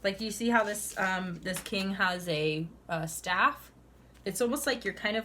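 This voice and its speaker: A woman's voice: medium pitch, expressive, moderate pace, fairly bright tone, a little hiss or hum. A young woman giving a casual tarot reading, chatty and full of "like"s, laughing often and calling the listener "honey". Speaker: tarot reader.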